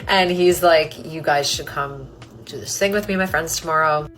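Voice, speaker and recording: A woman's voice: sits low, normal speed, a bit bright, soft background music, low-quality recording. A young woman telling a story in a casual vlog, chatty and giggly, with lots of fillers.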